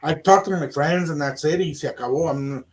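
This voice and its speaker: Animated man telling a story. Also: on the high side, fairly quick. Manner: animated, acts out quoted dialogue. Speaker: radio show host. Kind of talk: casual storytelling chat.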